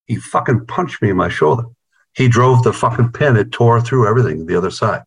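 A guitarist telling stories in a casual interview over a video call, rambling and swearing constantly. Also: male voice, medium pitch, expressive, brisk, creaky, husky. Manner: rambling, profane, heavy on "you know". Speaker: guitarist in a band.

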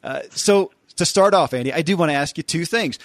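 Brief: eager male host, fairly high voice, dry close sound. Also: brisk, no room sound. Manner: enthusiastic, gushing. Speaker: podcast host. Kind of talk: interview introduction.

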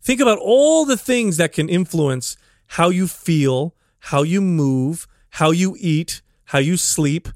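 Man, podcast co-host, earnest explaining, fairly high voice, dry studio sound. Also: expressive, takes it slowly, dry recording. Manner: earnest, explanatory, many restarts. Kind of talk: casual podcast chat.

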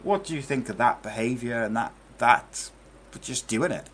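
This football podcast host's mid-range voice is animated and a bit bright, at a moderate pace, with a little hiss or hum. He keeps the chat casual and meandering, using lots of fillers.

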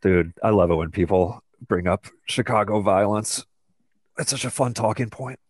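A man in casual chat, sarcastic and halting, often hunting for words. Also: lowish voice, no echo, studio quality. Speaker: podcast co-host.

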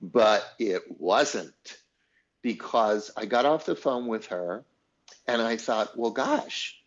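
A man's voice: on the low side, slow pace, highs cut off. A man telling a personal story in an interview, acting out the people he quotes and laughing as he goes. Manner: animated storyteller, acts out quoted voices, laughs. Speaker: songwriter guest. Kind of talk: conversational storytelling.

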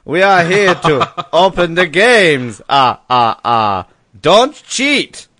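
A man doing an impression of a dull, halting older male sports official who stalls with drawn-out "ah"s. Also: a little high, sing-song, sharp tone, heavily acted. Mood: mocking.

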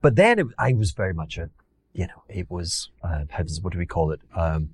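A Scottish man with a Glaswegian accent tells his stories as an interview guest, his voice sitting low and sounding dry and close. He rambles, circles back and repeats words before landing his point. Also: big pitch swings, a little fast, breathy edge, no room sound. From Scotland. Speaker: guest, investor. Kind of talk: casual interview storytelling.

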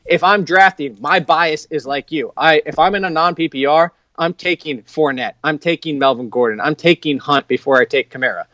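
A man appearing as a guest analyst on a casual sports podcast, talking in an animated way, chuckling often and stacking up rhetorical questions. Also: a little high, moderate pace, hardly any pauses, no echo. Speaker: fantasy football analyst guest.

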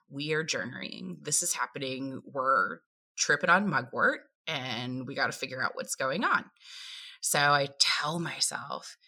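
A woman's voice: deep voice, pushed and bright. A woman with an Appalachian accent, a podcast guest telling a personal story vividly and acting out her own inner voice.

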